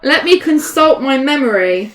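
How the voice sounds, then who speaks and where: A woman's voice: high voice, animated, moderate pace, a bit bright. A young woman doing casual, playful commentary on a card game, laughing often. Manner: giggly, playful banter.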